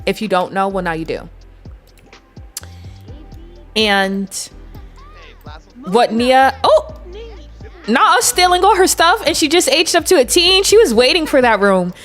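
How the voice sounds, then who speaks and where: A woman's voice: sits high, big pitch swings, measured pace, long pauses, a bit bright, faint music behind. A woman in her twenties giving chatty, giggly live commentary as she plays a game and talks to her viewers. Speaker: game streamer. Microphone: desk mic.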